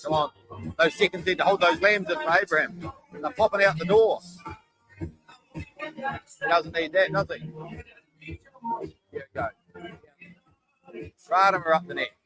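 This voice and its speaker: A man commentates live, folksy and conversational, his voice sitting high. He sounds worn from a long day. Music plays clearly underneath him. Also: a little slow, long pauses, rough recording. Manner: chatty, folksy, calls running tallies. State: tired after a long day. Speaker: shearing commentator.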